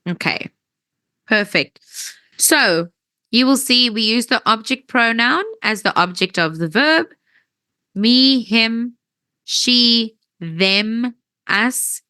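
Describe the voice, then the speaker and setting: A woman teaching an English grammar lesson, patient and checking that everyone understands, her voice tiring and needing a throat-clear now and then. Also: medium pitch, pushed and bright, no room sound. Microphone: wears headphones.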